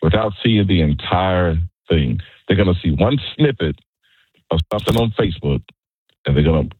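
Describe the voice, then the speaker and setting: Male radio caller, very low husky voice, dry tinny phone sound, halting stop-start delivery. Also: expressive, no echo. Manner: halting, repeats words while making his points. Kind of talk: call-in radio opinion.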